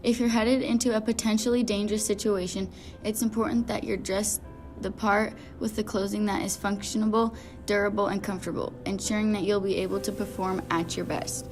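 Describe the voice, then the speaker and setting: A young female student narrates a school podcast from a script. Her reading is steady and careful, and faint music plays underneath her. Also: mid-range voice, fairly quick.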